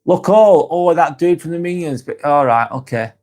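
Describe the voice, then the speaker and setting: A man's voice: on the high side, normal speed, darkish tone. A man with a Lancashire accent, hosting a casual live stream, reading out viewer comments and answering them frankly, swearing often. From England. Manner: frank, swears freely, muses aloud.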